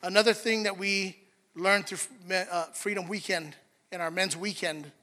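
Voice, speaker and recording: High, bright-voiced preacher in a reverberant hall. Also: male voice, steady tone, unhurried. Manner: conversational, earnest, with restarts and asides to the congregation. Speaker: pastor. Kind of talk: sermon.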